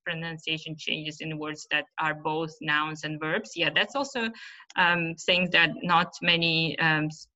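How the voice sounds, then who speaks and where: A woman's voice: deep voice, pushed and bright. A middle-aged woman with an Uzbek accent presenting a teaching webinar, explaining patiently with fillers and frequent "right?" checks. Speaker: teacher trainer. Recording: dull lo-fi webinar audio.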